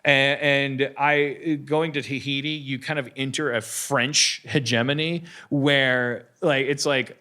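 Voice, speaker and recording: A man's voice: mid-range voice, fairly even intonation, takes it slowly, hardly any pauses, pushed and bright. A man hosting a live comedy podcast, telling a rambling, stammering story and acting out voices. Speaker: podcast host. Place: live stage before an audience.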